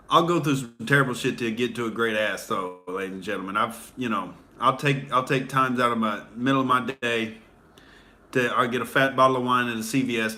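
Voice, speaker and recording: A man in his late twenties or thirties, a comedian hosting a livestream, telling crude, animated stand-up stories. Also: medium pitch. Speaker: comedian, show host. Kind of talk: loose stand-up storytelling on a livestream.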